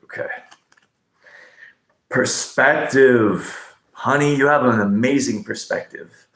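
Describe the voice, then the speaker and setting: Going slowly in a medium-pitched, fairly bright voice, a man runs a casual livestream oracle card reading. He rants and rambles, cursing and addressing viewers with pet names, and the sound is roomy.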